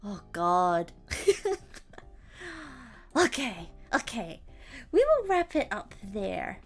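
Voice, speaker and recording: A woman's voice: medium pitch, very animated, very slow. A young woman streamer chatting casually to her viewers, telling stories about her cats and laughing often. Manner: chatty storytelling, giggly, acts out her cats. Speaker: VTuber streamer.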